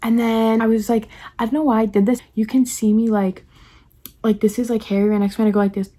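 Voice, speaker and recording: A young woman from the New York area, chatty and excited, telling a personal story on her vlog and acting out the quoted lines. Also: fairly high pitch. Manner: rapid, chatty, heavy use of "like", acts out quoted lines. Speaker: vlogger.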